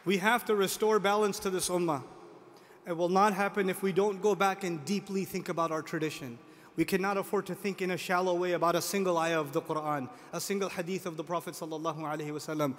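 This man's sermon comes fast in a high, steady voice, echoing with long hall reverb. Addressing his audience emphatically, he repeats key phrases, asks rhetorical questions, and makes joking asides.

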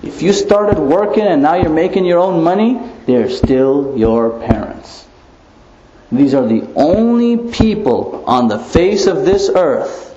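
A man preaching a religious lecture with lively rhetorical questions and frequent chuckles. He sounds like he is in a roomy space, the recording slightly muffled with a faint hiss underneath. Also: on the high side. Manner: animated, rhetorical, chuckles often. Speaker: Islamic preacher.

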